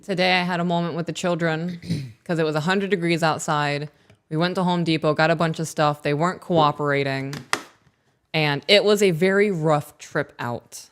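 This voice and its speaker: A woman co-hosting a podcast, chatting casually and telling family stories in an animated way. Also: deep voice, moderate pace. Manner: chatty storyteller, animated retelling. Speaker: podcast co-host. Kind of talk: casual chat.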